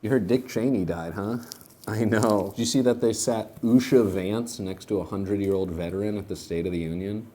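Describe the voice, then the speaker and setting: A man's voice: on the low side, moderate pace, dark tone. A young man rambling and joking in a casual comedic monologue while feeding animals.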